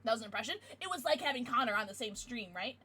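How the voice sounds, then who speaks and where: A woman's voice: on the high side, expressive, racing, pushed and bright, breathy edge. A young woman livestreaming, chatting casually and giggling with her chat, thanking followers.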